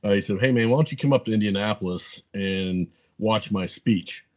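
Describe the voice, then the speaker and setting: A man's voice: on the low side, normal speed, poor audio. A man in his forties, a podcast guest, telling long rambling stories with lots of fillers and quoted back-and-forth. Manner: rambling anecdotes full of fillers and quoted dialogue. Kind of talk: casual storytelling interview.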